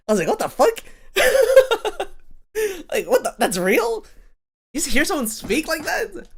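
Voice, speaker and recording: A young woman streaming a game and chatting casually, rambling and swearing freely with frequent laughter, sounding a bit drowsy and out of it. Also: a little high. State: drowsy, low energy. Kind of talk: casual live-stream chat.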